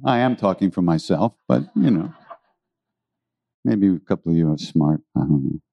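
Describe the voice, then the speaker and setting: A man's voice: deep voice, expressive, moderate pace, creaky, dry recording, highs cut off. A man giving an informal spiritual talk to a live audience, earnest and rambling, often repeating his phrases.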